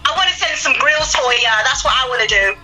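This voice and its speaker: A woman co-hosts a radio show in casual chat. She sounds enthusiastic and teasing. Her voice is high and very bright, with faint music underneath. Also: expressive, fast talker, low-quality recording. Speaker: radio co-host.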